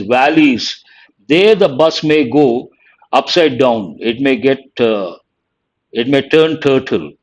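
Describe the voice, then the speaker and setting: Slow, deliberate male vocabulary teacher. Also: a little high, muffled recording. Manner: slow, deliberate, reading out words one at a time. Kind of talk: live online vocabulary lesson.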